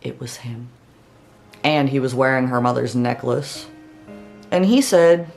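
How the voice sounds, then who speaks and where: A woman's voice: extremely low pitch, unhurried, gravelly, long pauses, a little mellow, soft background music. A woman hosting a comedic fairy tale retelling, narrating casually with sarcastic asides. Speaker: storyteller host.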